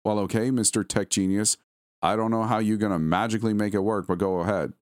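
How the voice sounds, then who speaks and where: A man's voice: mid-range voice, huge pitch swings, normal speed, darkish tone, no room sound, studio quality, pitched above the performer's own voice. A man voicing an exasperated young wife in a story, speaking sarcastically with a raised, strained voice.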